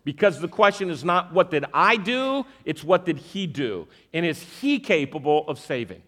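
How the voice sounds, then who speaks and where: A man with a fairly high voice preaches a sermon at a normal speed, using a magic trick as an object lesson. He's animated, often checks in with the audience, asks them questions, and repeats verses for emphasis.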